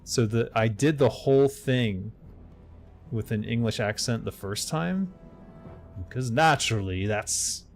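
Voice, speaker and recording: A middle-aged man with a low, gravelly voice talks through a live game stream. He mumbles half to himself as he plays, then opens up into relaxed chat with his viewers. Faint game music sits quietly behind him. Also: unhurried. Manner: mutters to himself while playing, then chats openly with viewers. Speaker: game streamer and voice-over narrator.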